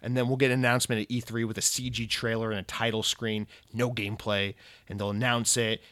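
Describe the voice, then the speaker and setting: A young man who rants about video games in a casual, rambling, profane and excitable way. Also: mid-range voice, fast talker. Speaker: gaming commentator. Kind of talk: casual rant.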